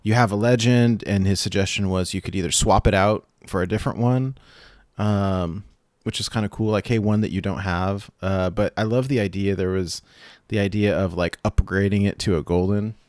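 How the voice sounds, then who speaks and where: A man co-hosting a podcast over a remote call, thinking aloud with halting restarts. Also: lowish voice, fairly even intonation, a little mellow, dry recording, clean studio sound. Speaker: podcast co-host. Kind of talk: casual chat. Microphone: remote call mic.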